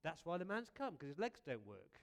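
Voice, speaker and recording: Male preacher, slightly high voice, animated storyteller, chatty, rhetorical questions. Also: a little fast, creaky. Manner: lively, conversational, repeats words, rhetorical questions. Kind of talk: storytelling sermon.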